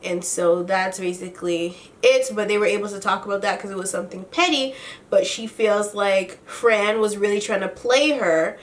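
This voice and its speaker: A woman's voice: mid-range voice, a bit bright. A woman casually recapping a reality show while doing her makeup, sassy and profane with lots of slang. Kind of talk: casual makeup-tutorial chat. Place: home room, doing makeup on camera.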